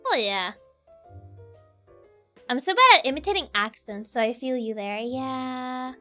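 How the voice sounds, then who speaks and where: A woman's voice: high-pitched, measured pace, faint music behind. A young woman streamer with a Spanish accent and Spanish as her first language, chatting casually and playfully with her viewers, laughing often. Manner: giggly, animated, playful. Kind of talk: casual chat, reading chat aloud.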